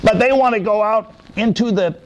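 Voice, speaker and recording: A man voicing a tormented wild man possessed by demons, speaking high, strained and pleading. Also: moderate pace, slight background noise, lightly acted, rough recording.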